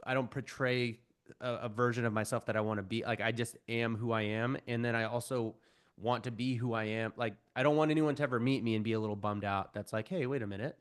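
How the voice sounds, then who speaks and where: Animated man telling stories on a podcast. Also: medium pitch, fairly quick, clean tone. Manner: animated, self-deprecating storyteller who acts out quoted voices. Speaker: guest. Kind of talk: podcast interview.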